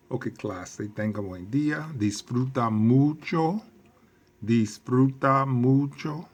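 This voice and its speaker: A man teaching a recorded lesson, speaking slowly, quizzing his class and repeating key phrases for emphasis. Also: on the low side, husky. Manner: slow and deliberate, quizzing the class. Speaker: Spanish teacher.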